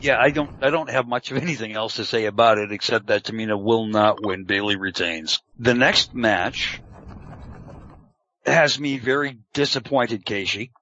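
A man's voice: lowish voice, moderate pace, sharp tone. A man hosting a casual chat, laid-back and chuckling as he leads the discussion. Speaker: podcast host. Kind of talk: casual wrestling prediction chat. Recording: dull lo-fi audio.

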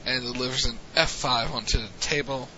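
A man co-hosting a show, calmly recounting events in casual chat. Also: mid-range voice, a crowd in the background. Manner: unhurried storyteller, frequent "mm-hmm". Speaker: podcast co-host. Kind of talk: casual wrestling recap chat. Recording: dull lo-fi audio with faint noise.

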